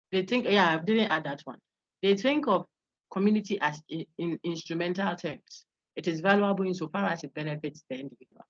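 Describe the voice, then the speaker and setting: Woman lecturer, low voice, explains answers step by step, dry muffled call audio. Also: no echo. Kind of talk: online class quiz review. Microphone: video call.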